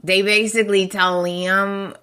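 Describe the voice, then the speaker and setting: A woman's voice: mid-range voice, flat delivery, measured pace, sharp tone, clean tone. A woman hosting a podcast, casually recapping a soap opera, laughing often and talking straight to her listeners. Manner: exclaims in outrage at characters. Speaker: podcast host.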